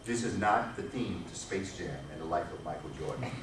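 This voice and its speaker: A man's voice: low-pitched, brisk, far from the mic. Guy lecturing a crowd, preachy and emphatic, noisy echoey hall mic way off. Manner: emphatic preacher-like delivery with rhetorical repetition. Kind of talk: public lecture to an audience.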